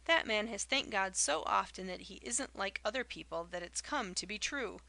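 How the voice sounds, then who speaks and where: A woman reading the part of a spiteful old village gossip in an audiobook, loud and derisive, with rustic dialect. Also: mid-range voice, lively intonation, normal speed, creaky, no echo.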